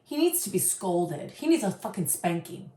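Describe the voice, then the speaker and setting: A woman's voice: mid-range voice, very animated, normal speed, mellow, faint music behind. Blunt, sarcastic woman reacting in an echoey room. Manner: blunt, sarcastic, swears freely. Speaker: reaction video host. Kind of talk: casual reaction commentary.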